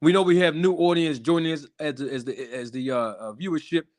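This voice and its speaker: A man's voice: on the high side, fairly quick. Hype man hosting a live stream. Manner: hype, chatty, calls out to the chat. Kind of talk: casual live stream talk.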